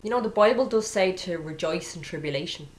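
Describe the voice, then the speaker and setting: A woman's voice: lowish voice, animated, brisk, echoey room. A woman giving an informal Christian sermon, earnest and exhorting, repeating phrases for emphasis. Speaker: Christian speaker.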